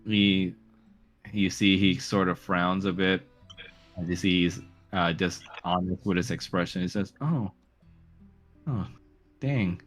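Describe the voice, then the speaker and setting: Low-voiced man running a tabletop game. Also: measured pace, faint music behind. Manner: relaxed narration with frequent "uh" and "like". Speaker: game master.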